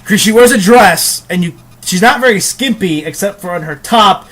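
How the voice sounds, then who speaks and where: A man's voice: sits high, lively intonation, normal speed, a bit bright. A young man hosting a casual video game review, rambling with frequent ums, restarts and crude jokes.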